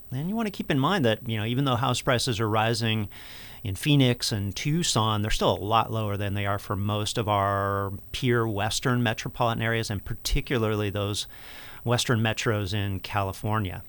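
In this interview, an economic research center's director gives measured explanations peppered with fillers. His lowish voice is clear and resonant, slightly bright.

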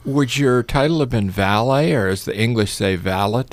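A man hosting a live radio talk show from a studio, chatting in a relaxed, folksy way. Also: medium pitch, brisk, no echo.

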